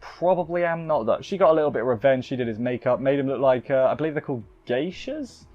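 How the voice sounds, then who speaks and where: A man's voice: medium pitch, lively intonation, quick pace, lo-fi sound, soft background music. Rambling man recapping an anime episode. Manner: rambling, with many fillers and self-corrections. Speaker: anime reviewer. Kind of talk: casual recap review.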